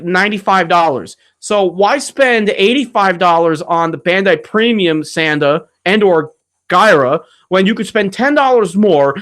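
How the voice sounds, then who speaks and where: High-pitched dude on a live q&a stream, rambly, cusses a lot, goes on rants. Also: male voice, fairly bright tone. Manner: rambling, profane, ranting. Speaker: channel host answering viewer questions. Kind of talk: casual livestream Q&A. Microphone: streaming setup mic.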